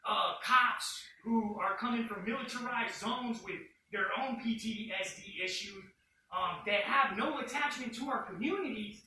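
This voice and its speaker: A young man telling a class a personal story in an animated, profane way. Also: high voice, a little hiss or hum. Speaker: student speaker. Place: university classroom. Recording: echoey classroom from far off.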